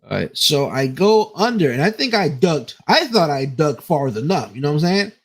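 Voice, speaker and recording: A man's voice: fairly high pitch, big pitch swings, moderate pace, breathy edge. A man on a podcast telling a rambling, profane story in casual chat, laughing as he goes. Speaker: podcast co-host.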